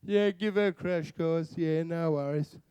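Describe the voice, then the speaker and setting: An Australian man doing a stand-up comedy set, bantering with the crowd in a slow drawl. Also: on the high side, mellow, smooth, no room sound. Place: live venue with audience.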